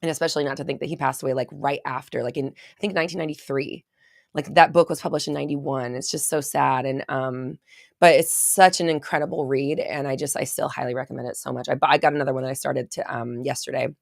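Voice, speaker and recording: Rambling low-voiced woman on a live stream. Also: fairly even intonation, fast talker, creaky, no room sound, clean studio sound. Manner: rambling, chatty, reads viewer comments aloud. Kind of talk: casual live stream chat.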